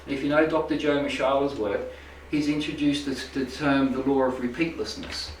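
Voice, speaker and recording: At normal speed and with fairly even intonation, a spiritual healing teacher with a mid-range voice rambles through an informal talk for a small group in an indoor room, checking in with "right?" and "make sense?". The echoey recording comes from a distant mic, with slight background noise.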